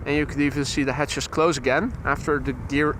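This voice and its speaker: A Dutch man hosting a live plane-spotting stream outdoors beside an airport runway, giving steady, informative commentary on arriving flights. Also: mid-range voice, brisk, background noise. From Netherlands. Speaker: plane-spotting livestream host.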